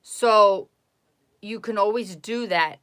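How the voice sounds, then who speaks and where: A woman with a bright, sharp voice talks straight to her live-stream viewers. Her advice is blunt and emphatic, and she repeats words to drive her points home. Her pitch sits in an ordinary middle range. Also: takes it slowly, clear, resonant tone. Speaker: psychic livestreamer.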